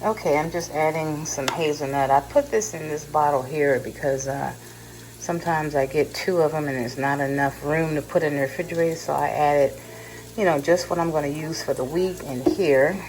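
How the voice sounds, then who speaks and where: A woman's voice: sits low, moderate pace. A middle-aged woman from California chatting casually to her vlog viewers, rambling and laughing at herself. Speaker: vlogger. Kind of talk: casual chat to camera. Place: car, then home kitchen. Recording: car noise in background.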